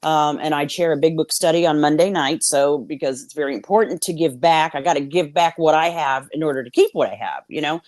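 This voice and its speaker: A woman's voice: deep voice, fairly quick, hardly any pauses, a little mellow, dry recording, clean studio sound. A woman appearing as a guest on a streamed talk show, speaking sincerely and plainly over a remote call. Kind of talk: casual chat.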